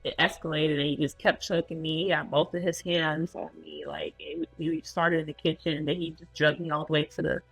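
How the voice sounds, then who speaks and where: A woman recounting a personal story in a relaxed, conversational way, with a lot of filler words. Her voice has a gravelly, vocal-fry edge. The recording is dry and close, with faint music underneath. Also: low voice, brisk, hardly any pauses, no room sound, rough recording. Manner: loose and conversational, full of "like" fillers. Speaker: guest sharing her story.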